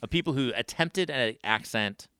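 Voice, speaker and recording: A man's voice: mid-range voice, expressive, moderate pace, bright, forceful tone, smooth, no room sound, studio quality. A man in casual podcast chat, emphatic and plain-spoken, who swears for emphasis.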